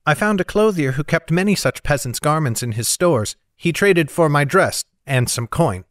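A man's voice: on the high side, expressive, dry recording, studio quality, pitched above the performer's own voice, lightly acted. A man reading an audiobook, voicing an anxious, proud young noblewoman in a raised voice. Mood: recounting. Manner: anxious, proud, quick to snap. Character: frightened young noblewoman on the run.

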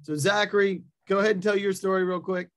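Upbeat guy hosting a webinar on a video call, kinda high voice, tosses off quick comments. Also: level tone. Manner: upbeat, reads out attendee messages with quick asides. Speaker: webinar host. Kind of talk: casual webinar chat.

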